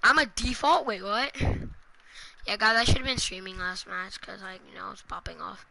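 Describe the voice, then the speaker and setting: A young male streamer chatting casually while playing an online game, quick to swear and rage. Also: high voice, vocal fry, poor audio. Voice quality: excitable, swears casually, talks to chat. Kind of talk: casual gaming stream chat.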